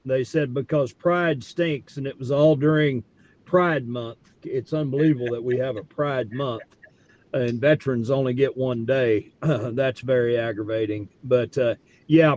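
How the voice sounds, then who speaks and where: A male guest in a talk show, speaking haltingly with many fillers. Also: mid-range voice, a little mellow. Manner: halting, full of fillers and restarts. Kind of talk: casual political chat.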